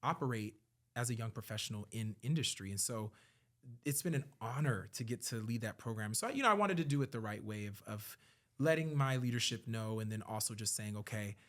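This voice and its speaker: A man in casual conversation as a podcast guest, telling a story in an earnest tone and acting out conversations with big jumps in pitch and loudness. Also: expressive, fairly quick. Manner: earnest and reflective when talking about his work and faith.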